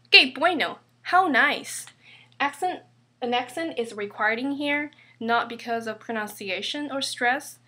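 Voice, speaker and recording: A woman teaching a grammar lesson, slowly and carefully spelling out each example. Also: a little high, bright, forceful tone. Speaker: Spanish teacher.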